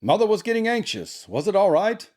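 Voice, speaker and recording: A man voicing a kind young brother in a read-aloud story, in a gentle, raised voice. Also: high voice, sing-song, brisk, pitched above the performer's own voice.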